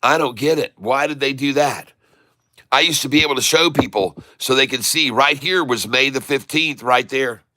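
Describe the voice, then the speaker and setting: A man's voice: medium pitch, normal speed, pushed and bright. A man hosting a casual day-trading livestream, chatty and joking, talking to his chat. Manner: joking, chatty, laughs often. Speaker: livestream day-trader host.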